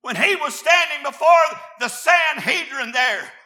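A man preaching a revival sermon, often shouting, then dropping to quiet asides, with many filler "uh"s. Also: very high voice, animated, a little slow, echoey room.

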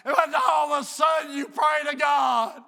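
A preacher with a high, gravelly voice and a tense, bright edge. He shouts his sermon in church with a fervent, driving cadence. Each line rises with a raw, strained force. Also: little pitch movement, unhurried. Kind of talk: fiery preaching.

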